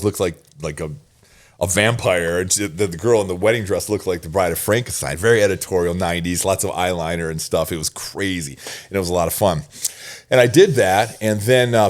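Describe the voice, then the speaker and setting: Low-voiced man telling lively stories. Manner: animated, laughs often, repeats phrases. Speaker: podcast guest. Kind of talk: storytelling in a casual interview.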